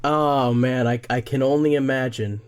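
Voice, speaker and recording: A man's voice: medium pitch, fairly even intonation, moderate pace, clean tone. A man co-hosting a comedy podcast about musicals, trading dry, sarcastic banter. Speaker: podcast co-host. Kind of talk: comedic casual chat.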